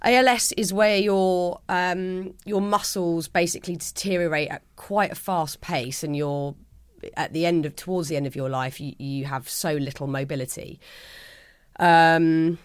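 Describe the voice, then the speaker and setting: A woman's voice: low voice, fairly even intonation, unhurried, clear, resonant tone, no room sound, studio quality. A middle-aged woman, a guest in an interview, speaking in a heartfelt, earnest way, often restarting her sentences. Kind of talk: reflective interview conversation.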